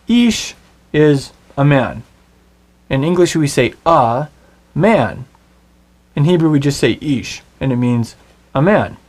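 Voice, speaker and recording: A middle-aged man with a slightly high voice teaches a recorded Hebrew lesson. He is patient and clear, slowing down to spell out Hebrew words.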